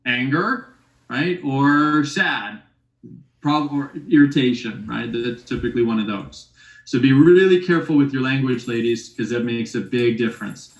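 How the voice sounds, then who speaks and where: A workshop teacher speaks at normal speed in a mid-range male voice, his words echoing around the room. Leading a session on relationships, he keeps it casual and needles the audience with rhetorical questions.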